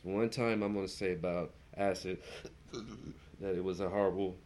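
A young man on a podcast telling rowdy stories in a casual chat, acting out the people in them. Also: normal speed. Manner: animated storyteller, jumps into high voices when quoting people. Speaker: podcast host.

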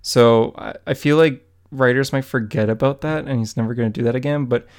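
A man's voice: mid-range voice, fairly quick, a little mellow. A man co-hosting a casual comic book podcast, talking eagerly and rambling with many likes. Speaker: podcast co-host.

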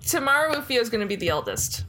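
A woman's voice: a little high, sing-song, quick pace, noisy background. A woman co-hosting a casual podcast, recapping episodes in a chatty way and laughing often. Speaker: podcast co-host recapping a show. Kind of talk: casual chat.

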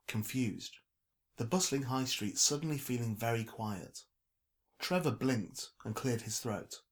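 This is audiobook narration of a novel, read by a man whose mid-range voice stays measured and even as he tells the story.

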